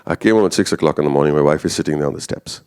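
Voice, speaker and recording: A man telling stories in a lively talk, slipping into characters. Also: very deep voice, rapid-fire, smooth. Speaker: speaker telling life stories. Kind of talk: animated storytelling talk.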